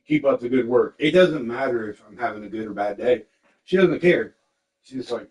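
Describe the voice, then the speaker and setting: A man's voice: mid-range voice, normal speed, poor audio. Profane, candid man telling stories casually. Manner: candid and profane, quotes people in lively voices. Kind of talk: casual storytelling chat.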